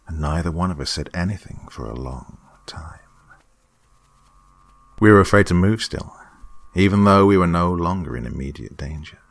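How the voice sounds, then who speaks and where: Deep, husky male horror narrator. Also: a bit bright. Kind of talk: first-person horror story narration.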